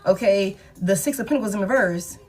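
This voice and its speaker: A woman's voice: medium pitch, fairly quick, a little mellow. Woman tarot reader, casual and slangy, emphatic, repeats herself, swears, faint music behind. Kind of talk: casual tarot reading to camera.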